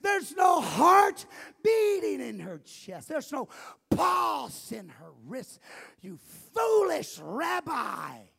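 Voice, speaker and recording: A man preaching voices a scornful mourner who shouts mockery at a healer, drawn out and sneering. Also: very high-pitched, wildly swooping pitch, drawn-out words, creaky, long reverb tail, voice pushed up, full character voice. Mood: jeering. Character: scornful mourner mocking a healer, loud and jeering.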